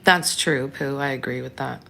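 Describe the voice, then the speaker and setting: Low, gravelly-voiced woman chatting on a livestream. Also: moderate pace, fairly bright tone. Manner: chatty, frank, answers viewers by name. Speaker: livestream host. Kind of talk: casual livestream chat.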